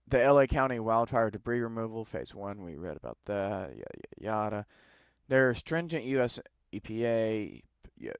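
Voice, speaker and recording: A man's voice: fairly low pitch, dry recording, clean studio sound. A man hosting a podcast, casually reading news articles aloud and breaking off into sarcastic, dismissive asides. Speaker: podcast host. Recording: live with no editing.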